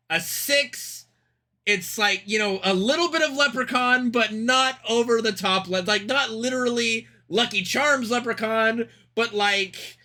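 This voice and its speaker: A young man streaming live, rambling excitedly and cursing as he reacts to a game trailer. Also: sits high. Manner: excitable, rambling, swears freely. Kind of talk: casual live-stream commentary.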